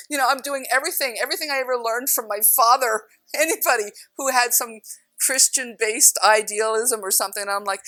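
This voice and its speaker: A middle-aged woman telling a personal spiritual story in an animated way, acting out voices and laughing often. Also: fairly high pitch, moderate pace, dry recording, poor audio. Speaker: spiritual speaker.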